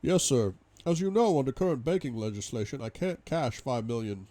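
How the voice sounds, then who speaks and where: A man's voice: medium pitch, lively intonation, a little fast, warm tone, lightly acted. A man voicing a polite, formal bank manager speaking on the phone. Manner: courteous, formal phone manner.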